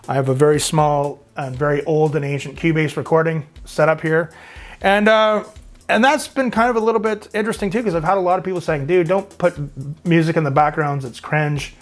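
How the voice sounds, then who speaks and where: Canadian man, fifties, slightly high voice, casual and rambling, reads viewer comments over faint music. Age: 50s. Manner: rambling, chatty, frequent filler words. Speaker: YouTube host.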